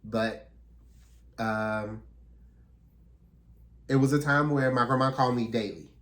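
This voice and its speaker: A man's voice: mid-range voice, fairly even intonation, takes it slowly. A man talking earnestly and reflectively in a casual, heartfelt conversation as a podcast co-host.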